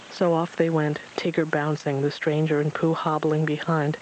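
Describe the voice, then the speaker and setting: A man's voice: on the high side, monotone, normal speed, hardly any pauses, a little hiss or hum, poor audio. Man reading a story aloud. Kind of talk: storybook read-aloud narration.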